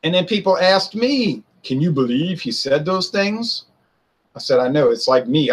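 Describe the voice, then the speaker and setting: A man giving a casual political opinion monologue, animated, often mimicking others in a high mocking voice. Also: creaky, husky. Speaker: political commentator.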